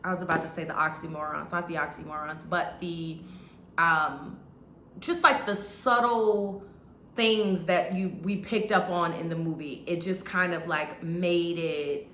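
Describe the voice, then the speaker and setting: A woman with a bright, forceful voice and a lowish pitch rambles through a casual movie review. She restarts her sentences often and talks in a loose, colloquial way. The sound is roomy and echoey. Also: fairly even intonation, a little slow, slight background noise. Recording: echoey room.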